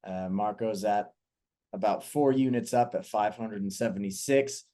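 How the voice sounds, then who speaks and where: A man's voice: on the low side, moderate pace, mellow. A man co-hosting a podcast, talking casually in an upbeat, playful, self-mocking way. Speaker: podcast co-host.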